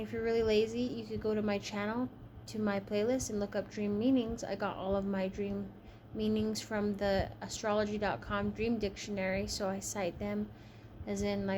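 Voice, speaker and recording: A woman's voice: medium pitch, a little mellow, a little hiss or hum. Chatty woman reading tarot cards. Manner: chatty, frank, swears casually. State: tired, yawning. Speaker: tarot reader.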